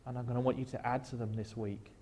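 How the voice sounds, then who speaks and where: A man, a guest speaker at a church, leading a slow guided reflection with a wry, gentle humor. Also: mid-range voice, level tone, slight background noise. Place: church sanctuary.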